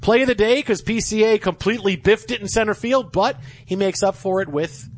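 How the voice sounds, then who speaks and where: An excitable man hosting sports talk radio with a high, lively voice. He jokes with his co-host and bursts into loud cheers. His talk is quick and full of casual fillers. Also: no room sound.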